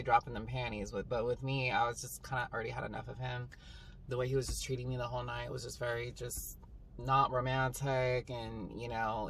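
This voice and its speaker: A young woman telling a story to camera in a casual, rambling vlog style, full of "like" and "um". She tells it in an animated, dramatic way. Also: very deep voice. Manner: rambling, filler-heavy, with 'like' and 'um'. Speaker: vlogger. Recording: slightly distant mic, faint background hum.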